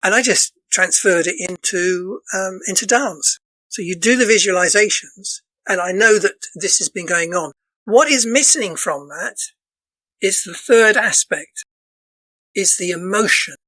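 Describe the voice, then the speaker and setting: Hoarse man explaining earnestly. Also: high-pitched, measured pace, pushed and bright, dry recording, rough recording. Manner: earnest, explanatory, loops back and restarts phrases. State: voice going hoarse. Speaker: dance counsellor and guest. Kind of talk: casual podcast interview.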